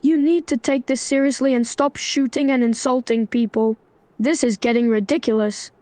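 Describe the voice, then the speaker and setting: A synthetic woman's voice speaking as a stern young man, scolding in a flat, even manner. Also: on the high side, normal speed, no room sound, close to an everyday voice. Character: stern young man trying to stop a fight. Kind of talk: AI role-play chatbot voice.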